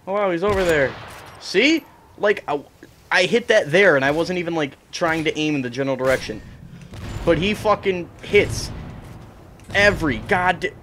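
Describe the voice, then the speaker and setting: A man's voice: fairly high pitch, expressive, normal speed, a bit bright, a little hiss or hum. A young man ranting and swearing in frustration while commenting on his own gameplay. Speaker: gaming streamer.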